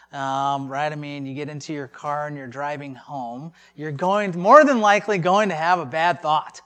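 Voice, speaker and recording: A man's voice: a little high, a bit bright. A man preaching a sermon in a conversational way, with rhetorical questions and joking asides. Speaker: pastor.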